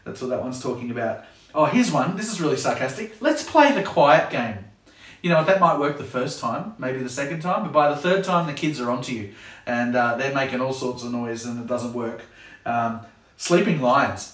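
This kids club leader has a medium-pitched, fairly bright voice as he chats to camera in a loose, joking way. He plays out typical parent sayings. A distant microphone gives the recording a roomy feel.

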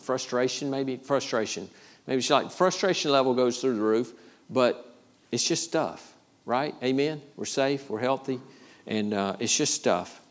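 A man from Georgia, preaching a sermon as pastor, stressing points by repeating phrases and calling out "Amen?" to the congregation. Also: medium pitch. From Georgia, USA.

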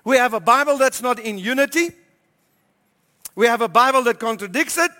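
A man preaching as pastor, emphatic and repeating key phrases, slowing down to stress scripture. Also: very high voice, expressive, bright, forceful tone, in a large hall. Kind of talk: sermon. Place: church hall.

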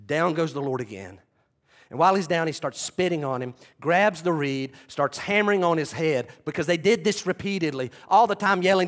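A man's voice: a little high, fairly bright tone. A man preaching a sermon, retelling scenes dramatically and acting out the voices of the people in them. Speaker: pastor.

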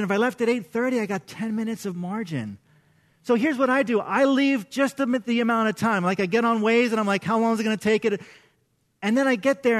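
High-voiced animated male pastor. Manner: animated, interactive, quizzing the congregation. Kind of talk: sermon. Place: church service.

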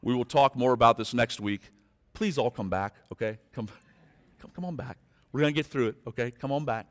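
A male pastor preaches from a church sanctuary, his voice carrying with a long hall reverb. He speaks directly to the congregation, dropping low and slow, then rising to loud, fervent appeals. His pitch sits in a middling range for a man. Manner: direct, pleading with listeners. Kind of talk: sermon.

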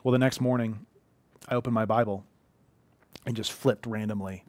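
A man's voice: fairly low pitch, fairly even intonation, moderate pace, darkish tone, no room sound. A man in his thirties giving an earnest, conversational sermon from a living room, telling heartfelt personal stories. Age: 30s. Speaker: pastor.

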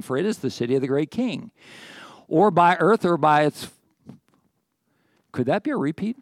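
A man's voice: on the high side, no echo. Folksy man preaching a sermon. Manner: folksy, joking asides, frequent restarts. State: out of breath. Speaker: pastor.

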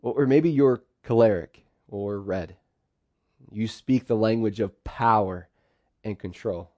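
A pastor with a fairly low voice preaches a sermon in an unhurried but lively way, occasionally acting out quoted phrases in sudden bursts. The recording is close and dry, with no room sound.

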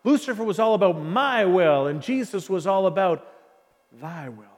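A man with a high voice preaches with passion. He builds his points through repetition and dramatic pauses. His voice carries a long, lingering reverb. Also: expressive. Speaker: pastor. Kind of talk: sermon.

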